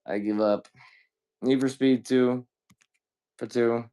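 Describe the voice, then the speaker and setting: Smooth, dark and steady in the mid range, the host of a video game selling stream keeps things casual. He cusses freely and greets his viewers rapid-fire.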